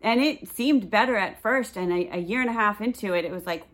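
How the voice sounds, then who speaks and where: A woman's voice: mid-range voice, a little fast, fairly bright tone. A woman in her forties teaching a casual Bible study, chatting and reading scripture aloud.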